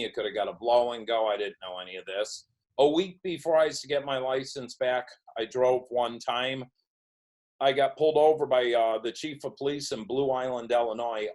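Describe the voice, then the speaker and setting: Captured on a rough recording, this middle-aged man speaks in a mid-range, darkish voice. He's a guest on a podcast, telling the story of his recovery interview-style and voicing other people's lines as he goes.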